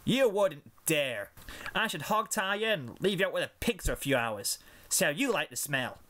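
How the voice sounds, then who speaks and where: Southern pony filly, high squeal, feisty. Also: male voice, animated, a little slow, a bit bright. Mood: scolding. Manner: high, yelping and threatening. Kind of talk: fanfiction reading.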